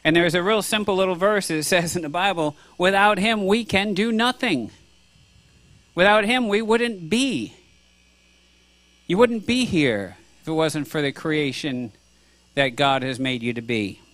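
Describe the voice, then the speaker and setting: A man's voice: high-pitched, measured pace, fairly bright tone, dry recording. A man preaching a sermon to a congregation, earnest and conversational, with frequent restarts. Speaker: pastor.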